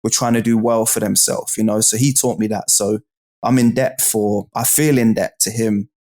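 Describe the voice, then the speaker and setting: A man's voice: lowish voice, fairly even intonation, moderate pace, a little mellow. A man with a British accent, a guest in an interview, telling stories in a casual, slang-heavy way and often asking "do you know what I mean". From United Kingdom.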